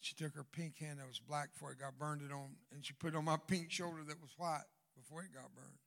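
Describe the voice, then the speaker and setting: An older man with a Southern American accent preaching a storytelling sermon as a guest speaker, swinging from hushed, quiet passages to loud bursts and joking asides. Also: a little high, steady tone, quick pace, creaky. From Southern United States.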